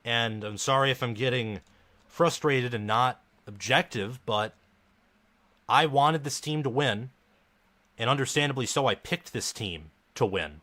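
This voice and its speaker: Male live stream host with a bright, forceful voice, commenting on a game as a gloomy, frustrated fan. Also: mid-range voice, unhurried. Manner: frustrated, dejected fan talk.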